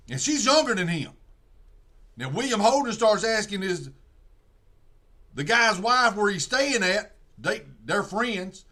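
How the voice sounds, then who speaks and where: A man with a drawl rambles through a movie plot, starting over and over. His voice sits high and sounds bright and forceful. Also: big pitch swings, measured pace, pauses often. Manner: rambling, drawling retelling with many restarts. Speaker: streamer. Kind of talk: casual storytelling, retelling a movie plot.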